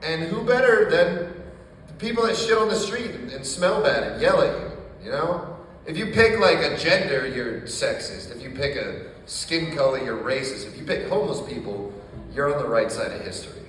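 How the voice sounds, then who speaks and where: A man doing a stand-up set in a small coffee shop, telling dark jokes in a deadpan way with plenty of swearing. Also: on the high side, normal speed, heavy reverb, big-room sound, recorded from a distance, slight background noise. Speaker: stand-up comedian.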